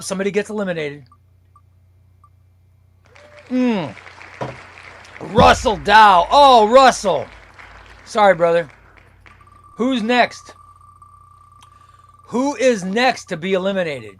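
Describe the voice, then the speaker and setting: High-voiced man hosting a comics stream. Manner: playful, announcing names one by one. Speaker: comic channel host. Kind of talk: live-stream giveaway chat.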